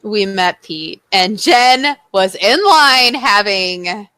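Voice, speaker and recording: This young woman co-hosts a podcast in easy, casual chat, her voice bright and a little high. She swings her pitch all over as she acts out every line she quotes, and the sound is close and dry. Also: takes it slowly, clean tone, no room sound. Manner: animated storytelling, acts out quotes. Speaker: podcast co-host.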